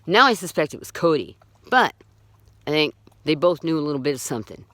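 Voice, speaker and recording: A woman with a lowish voice tells her own story in blunt, profane words, agitated and indignant, restarting sentences as she goes. Her pitch swings a lot, and the recording is dry and close. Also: very animated, brisk, fairly bright tone, no echo. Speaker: storyteller recounting own experience. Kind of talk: unscripted personal account.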